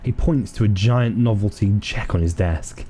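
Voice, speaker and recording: A man reading game narration aloud during a playthrough, with a wry, expressive delivery. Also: on the low side, moderate pace, slight background noise. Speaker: video game player and narrator.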